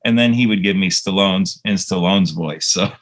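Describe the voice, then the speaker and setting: A low-pitched man talks casually as a guest in an interview. He tells reflective, rambling stories about his work, full of fillers and restarts. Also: normal speed, noisy background. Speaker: composer guest.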